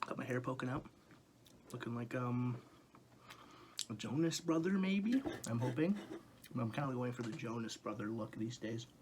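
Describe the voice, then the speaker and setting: A young man reviewing fast food in a rambling, comic monologue, going off on tangents and swearing in rants, recorded in a dim room. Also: medium pitch, noisy background.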